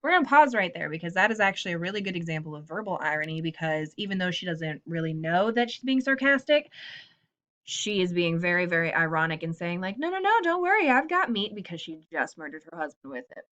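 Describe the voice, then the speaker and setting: A woman's voice: fairly low pitch, animated, fast talker, a bit bright, highs cut off. A woman teacher giving a casual lesson, recapping a story with playful asides before reading it aloud. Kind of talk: class lesson with read-aloud.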